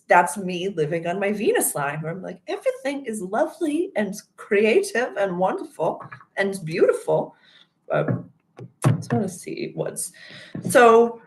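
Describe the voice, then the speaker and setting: A young woman with a Boston accent hosting a casual astrology chat, rambling and animated as she tells stories and answers viewers. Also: low voice. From Massachusetts. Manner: rambling, animated storytelling with loud acted outbursts. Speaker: livestream host reading chat.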